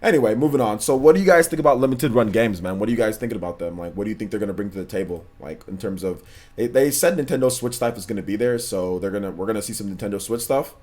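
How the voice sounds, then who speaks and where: Low-pitched male stream host, relaxed and slangy, loops back on his words. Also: quick pace. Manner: laid-back, slangy, repeats himself. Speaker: livestream host. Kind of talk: casual livestream chat, reading chat messages.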